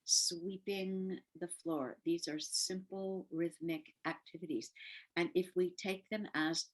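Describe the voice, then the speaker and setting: An older woman giving gentle, earnest advice to parents and teachers, often repeating words softly for emphasis. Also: on the low side, fairly even intonation, slow pace, low-quality recording. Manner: warm, gentle advice with soft emphatic repetition. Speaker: parenting educator.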